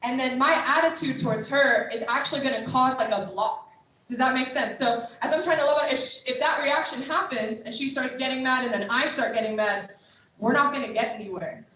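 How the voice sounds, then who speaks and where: With a high, pushed, bright voice at a slightly fast pace, a young American trauma care trainer and street outreach worker talks chattily to a group, acting out quoted dialogue often. The audio is from far away in an echoey hall, with faint noise.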